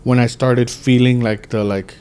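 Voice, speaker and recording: A man's voice: medium pitch, little pitch movement, normal speed, darkish tone, clear, resonant tone. A man in his thirties hosting a podcast, talking in a rambling, casual way with lots of swearing and filler words. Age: 30s. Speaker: podcast host. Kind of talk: casual chat.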